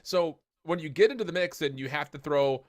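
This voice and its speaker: A man's voice: on the high side, brisk, no room sound. Male esports co-caster, casual and joking, rambling delivery, dry booth sound. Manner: chatty, jokey, rambling with fillers.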